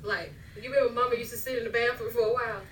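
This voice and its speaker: Fast, teasing sister, slightly high voice, echoey room, distant mic. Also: female voice, fairly even intonation. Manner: quick, teasing, backs others up. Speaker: sister and co-host in family chat. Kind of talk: casual family chat.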